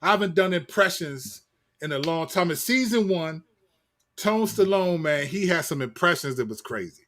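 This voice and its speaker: Male podcast host, high voice, casual slangy banter with quick restarts. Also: animated, fairly bright tone. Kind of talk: casual chat.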